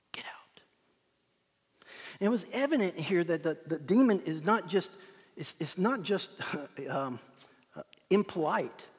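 Pastor, male, high husky voice, dramatic sermon delivery with sudden drops to a whisper, long hall reverb. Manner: dramatic, swings from loud proclamation to hushed whispers. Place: church sanctuary.

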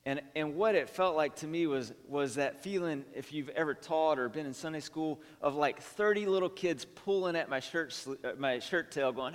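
A man's voice: fairly high pitch, moderate pace, hardly any pauses. Man preaching in a reverberant hall. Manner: conversational storytelling with many restarts and fillers. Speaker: pastor. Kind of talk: sermon.

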